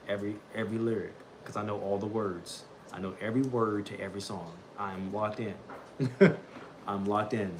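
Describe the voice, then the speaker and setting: Young guy streaming, kinda low voice, rambles and says bro a lot, noisy background. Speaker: livestream host reading the Bible. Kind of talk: casual livestream chat.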